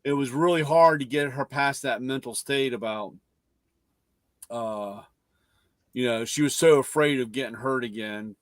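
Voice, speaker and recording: A man's voice: mid-range voice, a little slow, dry recording. A middle-aged man hosting a casual car-talk chat, telling rambling stories and acting out what others said. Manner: rambling storyteller, acts out quotes loudly. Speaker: podcast host.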